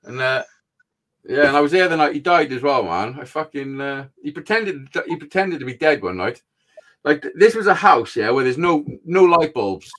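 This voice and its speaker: A man with a slightly high voice tells rambling childhood stories in casual chat. He swears constantly and keeps the story going with fillers. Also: very animated, moderate pace, a bit bright. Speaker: show host, storyteller. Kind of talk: casual live-stream chat.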